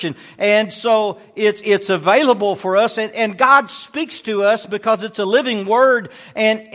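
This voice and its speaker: High-voiced preacher man, emphatic. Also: sharp tone. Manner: emphatic preaching with dramatic storytelling. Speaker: pastor. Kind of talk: sermon.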